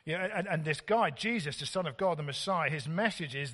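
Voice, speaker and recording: Visiting preacher, man, chatty halting delivery, church hall reverb. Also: on the high side, animated, fairly bright tone. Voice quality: halting, many fillers and restarts. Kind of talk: sermon.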